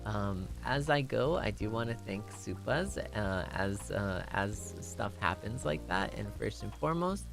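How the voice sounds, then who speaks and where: A man's voice: on the low side, animated, a little slow, creaky, few pauses, over music. A man hosting a casual anniversary chat stream, giggly and rambling, shy and self-conscious, switching between English and Japanese. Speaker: streamer host.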